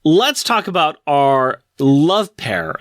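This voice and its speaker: A man's voice: a little high, expressive, slow, a bit bright, no room sound, clean studio sound. A man co-hosting a casual podcast about comics, thinking aloud and putting questions to his co-host. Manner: thoughtful, asks questions, jokes with his co-host. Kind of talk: casual comic book discussion.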